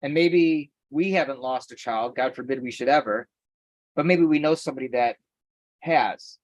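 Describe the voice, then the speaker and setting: A man's voice: medium pitch, normal speed, no echo, poor audio. A man talking earnestly and at length as a podcast guest. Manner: earnest and talkative. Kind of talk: casual podcast conversation.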